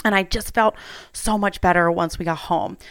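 A woman's voice: on the low side, steady tone, moderate pace, a bit bright, slight background noise. A woman in her thirties, a mother, telling a personal story at home in a candid, chatty way with plenty of fillers.

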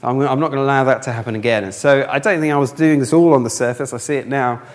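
A man preaching a sermon, telling stories and acting out the people in them with animated delivery. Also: mid-range voice, fast. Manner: animated, acts out characters in his stories. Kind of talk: sermon with storytelling. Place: church hall with live audience. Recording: long hall reverb.

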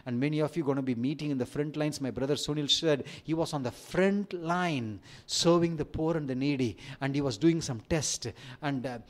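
A man's voice: a little high, brisk, hardly any pauses. A middle-aged man with an Indian accent, preaching a sermon with rising emphasis and light humorous asides. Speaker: pastor.

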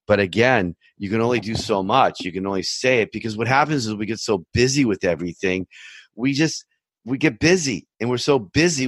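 A man's voice: medium pitch, no echo. A middle-aged man, a loan officer, giving emphatic, repetitive advice to home buyers, with stories told as asides. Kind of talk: direct-to-camera advice talk.

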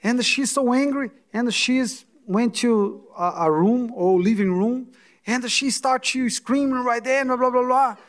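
A man preaching a sermon-style testimony in halting, non-native English, full of restarts and repeated words for emphasis. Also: very high-pitched.

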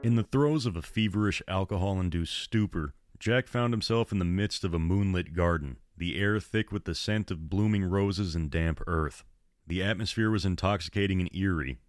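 A man reading his own horror story aloud in a measured, ominous storytelling manner. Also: low voice, no room sound, studio quality.

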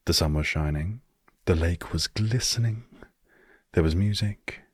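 Very deep-voiced, wry British man. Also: measured pace, husky, dry recording, clean studio sound. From Britain. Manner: wry, self-deprecating humor. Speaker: podcast host. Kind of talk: solo storytelling podcast.

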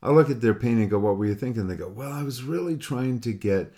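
A man's voice: mid-range voice, animated, fast, mellow. A man talking casually as a painting teacher on a call with a student, rambling and repeating himself as he acts out what students say. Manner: rambling, repeats words, quotes students in other voices. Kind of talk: casual one-on-one critique talk.

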